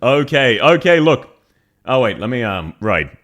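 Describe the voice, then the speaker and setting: A man casually chatting on a live stream, greeting viewers by name and laughing often, his voice still a little rough at the start. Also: medium pitch, sing-song, unhurried, a bit bright.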